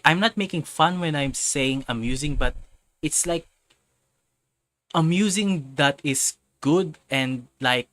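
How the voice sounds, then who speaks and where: Bright-voiced man rambling on a stream. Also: mid-range voice. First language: not English. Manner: rambling, restarts and repeats himself. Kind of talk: casual live-stream chat.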